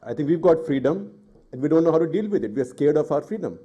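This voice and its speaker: A man's voice: a little high, animated, fast, breathy edge, dull audio. A middle-aged man from India, a journalist speaking on a panel, telling a story and then arguing with rising indignation. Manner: forceful and indignant, rising in anger. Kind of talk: impassioned public talk.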